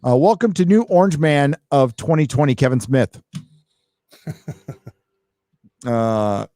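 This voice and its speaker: A man hosting a live stream, chatting casually and reading out donations in a rambling, profane, excitable way. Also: medium pitch, slow, no echo.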